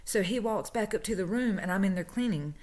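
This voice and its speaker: A woman's voice: mid-range voice, animated, a little fast, a little mellow. A woman, casually telling a story about her old job and acting out the people she quotes. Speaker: vlogger telling a work story.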